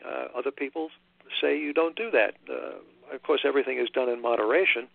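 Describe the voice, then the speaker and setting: An older man from Long Island speaks as an author guest in a radio interview. His voice is deeply gravelly, and he pauses often, filling gaps and restarting his sentences. It comes through a tinny, dry phone line. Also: dry recording. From Long Island, New York. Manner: halting, many fillers and restarts.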